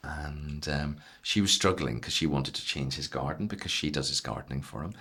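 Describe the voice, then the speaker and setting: Brief: man with a very low, husky voice, earnest and reflective in conversation. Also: moderate pace, pushed and bright. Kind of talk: casual conversation.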